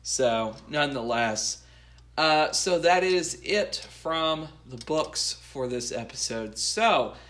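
A man co-hosting a podcast, recapping an episode from his notes in a halting way with many fillers. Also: on the high side, expressive, fairly bright tone. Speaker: podcast co-host.

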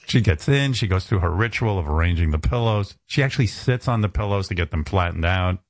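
Male radio host, low voice, dry studio sound, chatty animated storyteller. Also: brisk, no echo. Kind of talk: casual on-air chat and storytelling.

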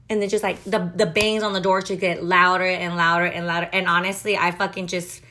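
A woman's voice: lowish voice, steady tone, fairly quick, hardly any pauses, a bit bright. A young woman telling candid stories in a casual confessional way, talking frankly with lots of swearing and filler words. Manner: frank, profane, filler-heavy chatter. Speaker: podcast storyteller.

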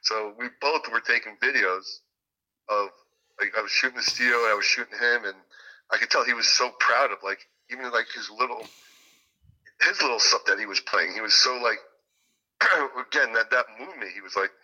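A man's voice: mid-range voice, normal speed, pushed and bright, rough recording. A man being interviewed as a music producer and guitarist, telling stories in a rambling way with many fillers and restarts. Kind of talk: casual interview chat.

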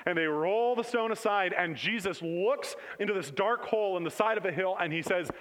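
A man preaching a sermon as pastor, telling the story with animated swings between loud bursts and hushed passages. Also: high-pitched, a little fast, a little hiss or hum. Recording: long hall reverb.

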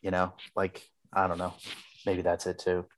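A man's voice: sits low, completely flat delivery, moderate pace. A man co-hosting a podcast, chatting loosely about a TV episode and swearing freely. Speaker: podcast co-host. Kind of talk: casual chat.

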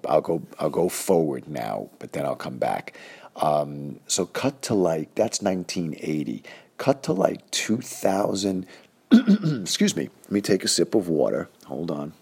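A man's voice: rumbling low, a little mellow, slightly rough. A man in his fifties telling a rambling personal story, full of fillers, acting out the people he quotes.

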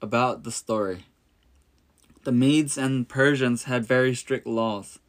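A man reads a Bible story aloud at an ordinary mid pitch. His delivery is plain and steady, and he only lightly shades the quoted characters. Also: slow.

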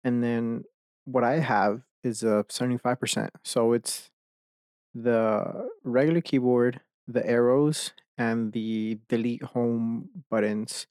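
A man's voice: mid-range voice, fairly even intonation, slow, darkish tone, dry recording. A man hosting a casual solo podcast from his desk at home, talking into a desk microphone, rambling, swearing a lot and laughing mid-sentence. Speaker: podcast host.

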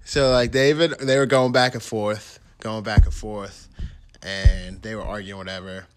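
A man in casual chat, telling a long story in animated slang and laughing often. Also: fairly low pitch, moderate pace, background noise.

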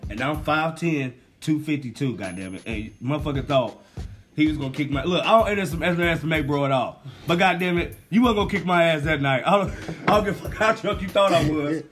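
A man's voice: a little fast, a bit bright, a little hiss or hum. Laid-back young man, profane banter. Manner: laid-back, profane, drops his voice low for asides. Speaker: podcast guest. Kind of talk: casual chat.

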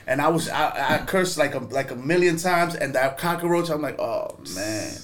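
A man with a somewhat raised pitch tells stories in a casual podcast conversation. He is animated and profane and laughs easily. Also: normal speed. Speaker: podcast co-host. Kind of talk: casual storytelling chat.

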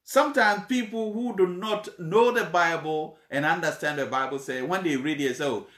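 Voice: medium pitch, normal speed, a bit bright, roomy sound. A preacher explaining a Bible passage in a sermon, repeating points and checking in with the congregation.

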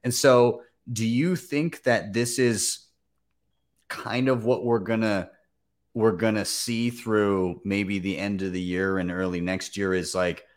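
A man's voice: on the low side, fairly even intonation, takes it slowly. A man hosting a casual finance chat, who rambles with lots of fillers and bursts into exclamations. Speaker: host.

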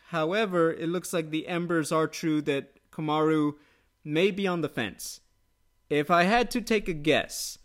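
Upbeat man hosting a fight-talk podcast. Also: on the high side. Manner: quick, upbeat, conversational with quoted asides. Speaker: MMA podcast host. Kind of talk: casual sports chat.

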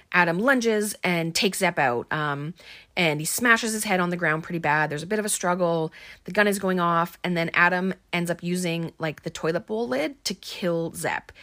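A woman's voice: lowish voice, a bit bright, dry recording, studio quality. A woman recapping a film in a casual, rambling way, with plenty of ums and likes. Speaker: podcast host recapping a film.

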